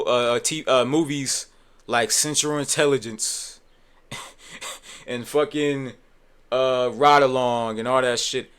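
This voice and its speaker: A man giving profane reaction commentary, heated and swearing, with sudden loud outbursts. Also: mid-range voice, smooth.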